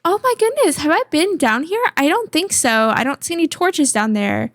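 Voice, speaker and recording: A woman's voice: high-pitched, normal speed, no room sound, clean studio sound. A woman hosting a gaming video, chatting casually and thinking aloud as she plays. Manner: chatty, thinks aloud, squeals excitedly at cute finds. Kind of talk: casual gameplay commentary.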